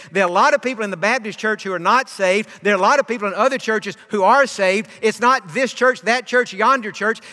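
High, bright-voiced preacher in a big hall. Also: male voice. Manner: impassioned preaching, swelling then dropping to a hush. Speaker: pastor. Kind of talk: sermon. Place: church sanctuary. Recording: long reverb of a church hall.

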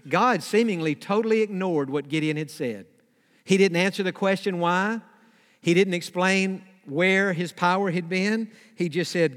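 A man's voice: sits high, lively intonation, moderate pace, fairly bright tone, in a large hall. A man preaching a sermon, reading scripture aloud and explaining it, sometimes acting out pleading prayers to God. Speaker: pastor.

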